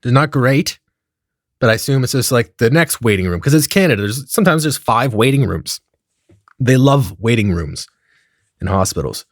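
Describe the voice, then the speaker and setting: A man telling a comedic story in a profane, animated way, acting out the dialogue as he goes. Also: mid-range voice, moderate pace, no echo, studio quality.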